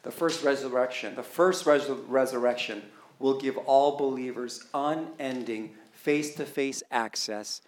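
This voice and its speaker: A man preaching a sermon, reading scripture aloud and quizzing his congregation, swinging from excited exclamations to quiet earnest emphasis. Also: medium pitch, a little slow. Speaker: pastor.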